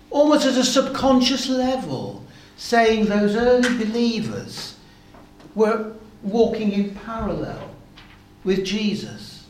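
A man preaching a sermon, expounding Bible passages slowly and turning to the congregation with asides. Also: high-pitched, a little hiss or hum. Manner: slow, measured Bible exposition with asides to the congregation. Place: church hall. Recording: echoey hall, faint ambience.

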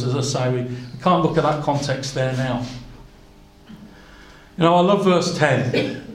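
Man, preacher, earnest sermon, fairly high voice, echoey room. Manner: earnest, quotes scripture in old-fashioned wording.

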